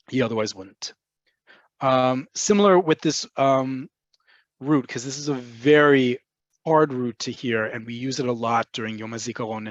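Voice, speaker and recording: A man's voice: medium pitch, dry recording. A man teaching a Hebrew vocabulary webinar, patiently explaining and checking in with the class. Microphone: computer mic on a video call. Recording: slightly dull lo-fi webinar audio.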